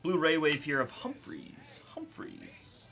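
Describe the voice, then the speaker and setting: A man's voice: medium pitch, expressive, normal speed, pushed and bright, faint music behind. A young man hosting a live card break, chatting casually and telling a story between calling out names. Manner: chatty storyteller, laughs often, calls names of pulled cards. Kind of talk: casual chat while opening cards.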